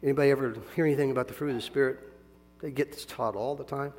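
Gravelly pastor preaching in a hall. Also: male voice, mid-range voice, fast. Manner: animated, swings from soft asides to loud emphatic bursts, chuckles often. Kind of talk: sermon.

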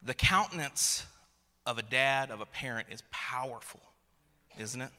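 A man's voice: medium pitch, lively intonation, a little slow, sharp tone. A man in his thirties preaching a sermon, telling a funny family story with frequent restarts and repeated words. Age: 30s. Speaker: pastor. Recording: long reverb of a large hall.

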